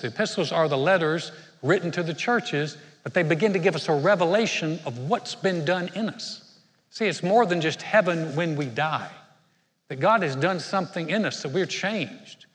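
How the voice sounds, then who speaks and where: A middle-aged man preaching a sermon in a casual, joking way, his voice sitting a little high for a man. The sound carries a long reverb from a large church hall. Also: a bit bright. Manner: conversational, self-deprecating humor with the congregation. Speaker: pastor. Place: church sanctuary.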